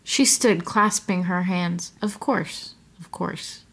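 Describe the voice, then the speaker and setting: A woman's voice: lowish voice, steady tone, a bit bright, breathy edge. A woman reading a science-fiction story aloud with a friend, taking the wife's lines and breaking in with playful questions. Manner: playful, asks questions, reads her part slowly. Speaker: co-reader of a story. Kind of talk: casual reading aloud with banter.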